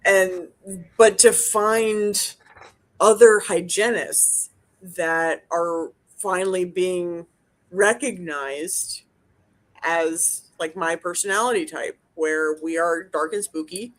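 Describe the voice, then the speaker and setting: A woman's voice: lowish voice, steady tone, slow pace. A woman, a dental hygienist, chatting casually as a podcast co-host, blunt and profane, rambling with lots of restarts. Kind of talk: casual chat.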